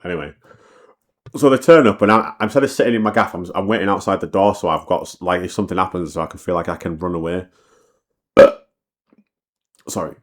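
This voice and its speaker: A man telling a personal story in a rambling, sweary way, full of restarts and repeats. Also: sits low. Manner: talks fast and knows it. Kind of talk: casual storytime monologue.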